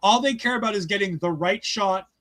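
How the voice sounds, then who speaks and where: A man with a noticeably high-pitched voice talks in an excited, rambling way. He swears freely and leans on fillers as he chats casually through a review. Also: fairly quick. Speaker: podcast co-host reviewing a wrestling show.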